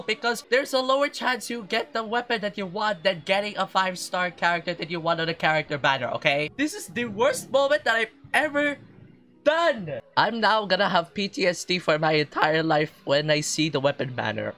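Young male gaming vlogger, slightly high voice, theatrical and over-the-top, faint music underneath. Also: animated, normal speed. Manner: melodramatic, swinging from nervous pleading to loud frustrated ranting. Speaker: gaming video creator. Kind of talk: gaming vlog commentary.

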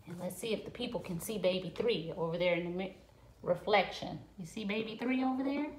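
A woman talking to her dog on camera at home, scolding and coaxing it in a sing-song pet-talk voice. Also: mid-range voice. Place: at home by a window.

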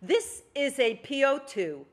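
A proud, tough young Soviet bomber pilot with a thick Russian accent, as a woman reading her story puts her on. She speaks high and loud, in a matter-of-fact, proud way. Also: very animated, takes it slowly, full character voice.

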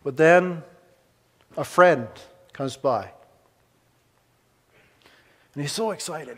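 A male pastor delivering a sermon in a fairly high voice, leaning hard on some phrases and dropping to near hush on others. Long reverb from a large hall hangs after his words, as if in a church sanctuary. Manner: dramatic pauses, swings from emphatic to hushed.

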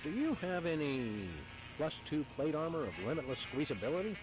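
A deadpan dog detective. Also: male voice, a little high, brisk, poor audio. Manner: deadpan, dry questions. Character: deadpan dog detective, middle-aged man. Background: game music.

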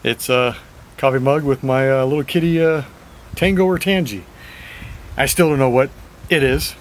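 A man at an ordinary mid pitch talks in a loose, rambling video-diary way, frank and now and then cursing. His voice is a little raspy and short of breath. A faint hiss sits under the recording. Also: normal speed, low-quality recording. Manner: rambling, frank, swears at times. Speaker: vlogger.

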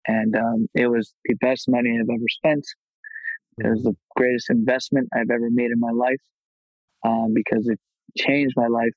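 A man's voice: mid-range voice, moderate pace, no room sound, highs cut off. Candid man with a dry, close sound. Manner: candid, reflective, animated when retelling scenes. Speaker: martial arts instructor and guest. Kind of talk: casual podcast interview storytelling.

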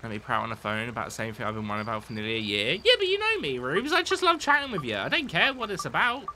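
A live streamer giving casual gameplay commentary, chatty and excitable, swearing casually while talking to a friend on call. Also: mid-range voice, fast talker, slight background noise.

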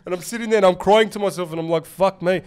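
A man's voice: high voice, racing, clean tone. A young adult man co-hosting a podcast, telling stories animatedly and swearing a lot. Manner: animated storytelling, heavy swearing. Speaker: podcast co-host. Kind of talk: casual chat.

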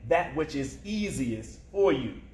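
A man voicing a pious older woman traveler who answers only in scripture, in a calm, measured recitation. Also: fairly high pitch, a little hiss or hum. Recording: roomy echo.

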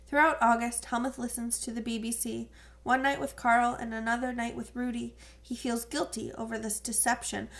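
A woman reads an audiobook in a steady, measured manner. Her voice sits a little high and has a gravelly texture. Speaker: audiobook narrator. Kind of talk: audiobook narration.

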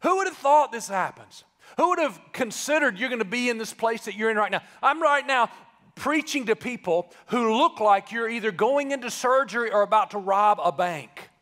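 A man preaching a live sermon as pastor, conversational and joking, then building to shouted emphasis. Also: very high voice, animated, normal speed. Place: church sanctuary, live service. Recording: live church with long reverb.

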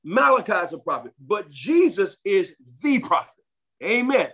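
A man's voice: high-pitched, big pitch swings, moderate pace, fairly bright tone, breathy edge. A man preaching a sermon, reading scripture aloud and breaking in with emphatic comments, repeating phrases for stress. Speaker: pastor.

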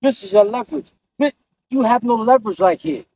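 Blunt high-voiced streetwise man coaching boxing. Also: brisk, darkish tone, slightly rough, dry recording, low-quality recording. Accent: New York. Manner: streetwise, blunt and profane, demonstrating moves as he talks. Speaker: boxing instructor. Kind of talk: casual boxing tips to camera.

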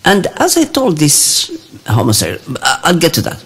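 A man telling a personal anecdote in a monologue, with many pauses and restarts. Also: fairly high pitch, wildly swooping pitch, fairly bright tone, breathy edge. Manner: storytelling with frequent pauses and restarts. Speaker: channel host.

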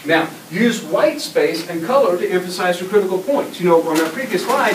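A middle-aged man giving an energetic, interactive presentation to a school class, often asking the children questions. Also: high-pitched, moderate pace, few pauses. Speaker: guest presenter. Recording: echoey classroom taped from far off with noise.

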